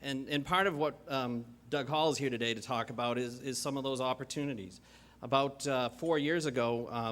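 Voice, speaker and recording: A man hosting an event and introducing the keynote speaker in a conference hall, halting often as he talks. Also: medium pitch, fairly bright tone. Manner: halting, many fillers and restarts. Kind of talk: formal introduction speech.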